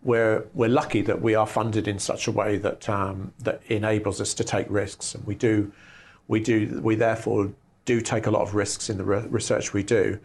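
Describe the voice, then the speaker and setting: Gravelly low-voiced man explaining earnestly. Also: level tone, moderate pace, a little mellow. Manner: earnest, explains in long careful sentences. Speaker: lab executive director and scientist. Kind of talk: interview answers.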